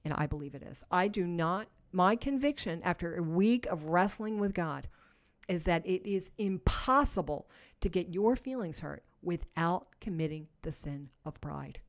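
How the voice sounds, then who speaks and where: A woman's voice: fairly low pitch, lively intonation, normal speed. Emphatic woman preacher. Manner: earnest, emphatic, swings between soft and loud. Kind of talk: sermon.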